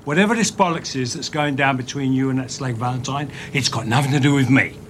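An actor playing a tough ex-convict who puts on a thick Cockney accent and talks in slangy, menacing street talk, heard in a film clip. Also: male voice, medium pitch, quick pace, a little hiss or hum, voice pushed up, lightly acted. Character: tough ex-con man, thick Cockney put-on. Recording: film clip with faint ambience.

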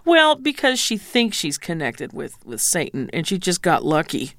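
Female opera singer guest, low smooth tone, candid and playful, dry mic. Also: huge pitch swings, measured pace, a bit bright, no echo. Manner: frank, teasing, coaches pronunciation. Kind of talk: casual interview.

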